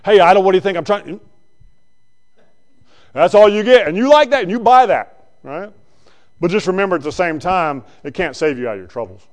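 A male preacher giving a conversational sermon that swings between loud bursts and quiet asides. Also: high voice.

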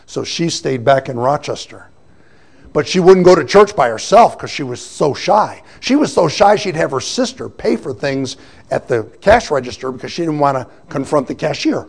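A man giving a personal testimony, telling his story with animated storytelling and acting out the voices of the people he quotes. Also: fairly high pitch, moderate pace, vocal fry, husky. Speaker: testimony speaker.

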